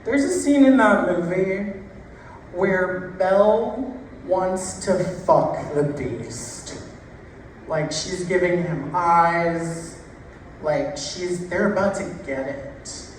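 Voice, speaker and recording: A woman stand-up comedian telling jokes in an unhurried, deadpan way, stretching out her punchlines. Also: fairly low pitch, a little hiss or hum. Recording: echoey room heard from a distance.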